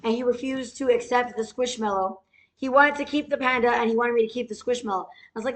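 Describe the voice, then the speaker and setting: A woman's voice: on the high side, quick pace, reverberant. A woman telling a rambling, profane story in a casual way, with many fillers.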